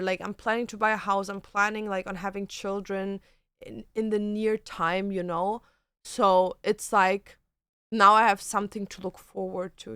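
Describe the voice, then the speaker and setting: A young woman who grew up speaking German, streaming, talking in a halting casual way full of fillers and restarts. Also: mid-range voice, a bit bright, smooth, dry recording, studio quality. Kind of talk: casual livestream chat.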